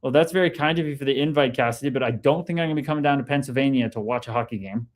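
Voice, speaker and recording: A man's voice: mid-range voice, very fast. A man hosting a casual livestream, reading viewer comments aloud, swearing freely and cheering his viewers on. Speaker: livestream host reading chat.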